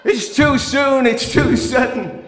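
A man's voice: very high voice, slow, fairly bright tone. A man performing a frank spoken-word story with a wry, emotionally swinging delivery. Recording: echoey hall.

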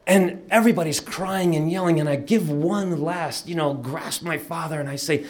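A man's voice: fairly high pitch, moderate pace. Man in his sixties telling a story. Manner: vivid, swings from loud to hushed. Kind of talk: personal storytelling.

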